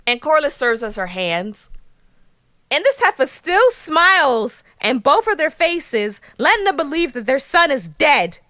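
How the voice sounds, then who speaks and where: A woman from Philadelphia with a local accent, co-hosting a podcast in casual chat, animated and laughing as she acts out quotes. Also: sits high, a little slow, dry recording, clean studio sound. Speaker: podcast co-host.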